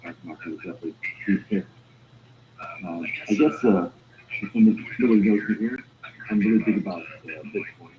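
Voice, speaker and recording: A man's voice: low voice, phone-quality sound, background noise. A man in casual chat outdoors near a street, hesitant and full of fillers. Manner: hesitant, many fillers, unhurried.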